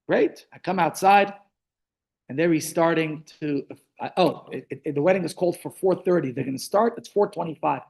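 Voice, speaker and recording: A man, a rabbi telling stories in a relaxed class held over a video call, often stopping to restart his sentences. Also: fairly high pitch, normal speed, gravelly. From South Africa. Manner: chatty storytelling, frequent restarts. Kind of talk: online Torah class.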